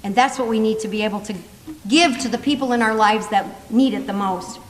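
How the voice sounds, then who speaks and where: An older woman giving a humorous, animated motivational talk, often laughing as she tells her stories. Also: on the high side, fairly quick. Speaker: motivational speaker. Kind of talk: humorous storytelling speech. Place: conference hall. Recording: echoey hall with faint room noise.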